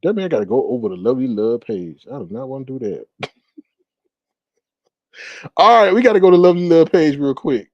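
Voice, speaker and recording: Man, livestream gossip host, casual chat, laughing, very animated pitch, dry close sound. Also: a little fast, long pauses, dry recording, dull audio. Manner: chatty, laughing, talks straight to viewers as y'all. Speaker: YouTube commentary host.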